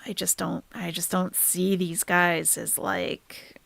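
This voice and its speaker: A woman with a fry-edged voice talks loosely to her livestream audience, shifting between soft-spoken comments and blunt, profane remarks. She sounds close to a desk mic in a dry, deadened room. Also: lowish voice, level tone, slow pace, dry recording. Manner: chatty, swings from soft sympathy to blunt profane ranting. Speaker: reaction livestream host.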